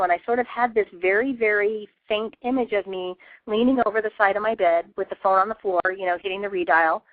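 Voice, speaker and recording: A woman's voice: mid-range voice, steady tone, fast, no room sound. A woman hosting a casual radio interview, a chatty storyteller who laughs often. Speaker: host. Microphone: phone. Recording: tinny phone line, dry.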